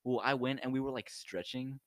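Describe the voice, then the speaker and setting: A man's voice: medium pitch, fairly even intonation, brisk, no room sound. Young male co-host, rambly and goofy, plain voice, close dry mic. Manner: mumbling, trailing fillers, goofy, laughs often. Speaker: podcast co-host. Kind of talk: casual podcast banter.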